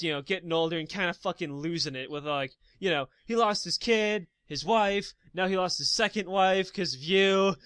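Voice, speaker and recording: A man's voice: sits high, bright, forceful tone, smooth, dry recording. A man co-hosting a casual gaming podcast, ranting profanely as he retells a story. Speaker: podcast co-host.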